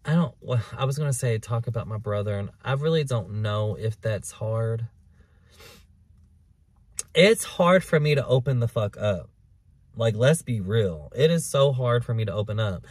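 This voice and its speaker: A man in the middle range of pitch talks to his camera in a park, baring his feelings with plenty of cursing. He moves from loud outbursts to quiet, hushed admissions. The sound is dry, with no room echo. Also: animated, moderate pace, slightly rough. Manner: candid, profane and emotional, swinging between loud and hushed. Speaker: podcast host. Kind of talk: confessional solo podcast monologue. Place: outdoors in a park. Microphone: camera recording him.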